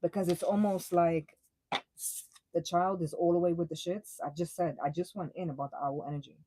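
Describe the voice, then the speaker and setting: A young woman giving a casual live tarot reading, blunt and profane, full of slang and quick laughs. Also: lowish voice, fairly even intonation, warm tone, slight background noise, poor audio. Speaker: tarot reader.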